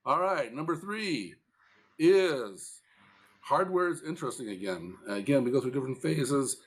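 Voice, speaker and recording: A man's voice: mid-range voice, lively intonation, measured pace. A man co-hosting a casual industry talk show, talking loosely with many fillers and restarts. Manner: conversational, frequent fillers and restarts. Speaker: podcast co-host.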